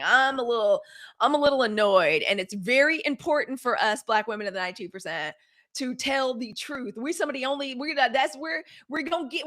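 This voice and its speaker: Sassy animated woman hosting a livestream. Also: on the high side. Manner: animated, sassy, talks to viewers as y'all. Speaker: host of a daily live news show. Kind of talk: casual live-stream commentary.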